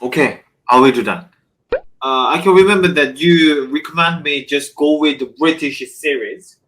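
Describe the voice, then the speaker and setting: A man, a student asking his tutor questions on a video call and pausing often with "uh". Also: on the high side, fairly bright tone, a little hiss or hum, poor audio. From South Korea. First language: Korean. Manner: hesitant, many "uh" fillers. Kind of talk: online tutoring session.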